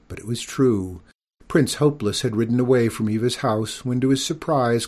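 A man narrating a children's storybook aloud, steady and gently amused. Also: fairly low pitch. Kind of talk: storybook reading.

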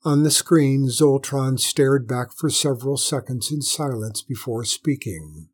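A man narrating a story in a measured, dramatic storytelling manner. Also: mid-range voice, breathy edge. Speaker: audiobook narrator.

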